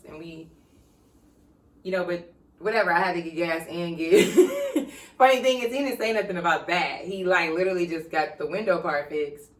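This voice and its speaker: A woman's voice: fairly low pitch, lively intonation, moderate pace, long pauses, distant mic. A woman in her twenties co-hosting a podcast, telling stories in a brash, profane way and acting out the voices of the people in them. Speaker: podcast co-host. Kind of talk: casual chat. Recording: roomy, from away from the mic.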